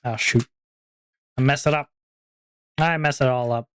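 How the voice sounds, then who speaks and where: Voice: medium pitch, fairly even intonation, measured pace, clean tone. A streamer in a casual chat, rambling with many "like"s and frequent laughter while wrapping up a stream. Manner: rambling, giggly, lots of fillers.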